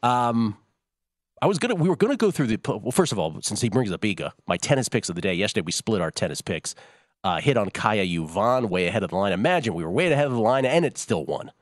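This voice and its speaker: A man's voice: on the low side, sing-song, fast, no echo, clean studio sound. A man hosting a sports betting show, chatting casually with rambling asides.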